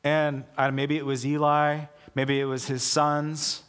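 A man preaching a casual sermon as pastor, telling the story in an animated way and acting out the people in it. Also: fairly high pitch, a little slow, smooth. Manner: animated storytelling, acts out quoted voices. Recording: long hall reverb.

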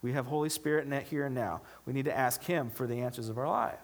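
A man preaching a sermon as a pastor, talking in a conversational way and building to animated, emphatic stretches. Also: medium pitch, quick pace.

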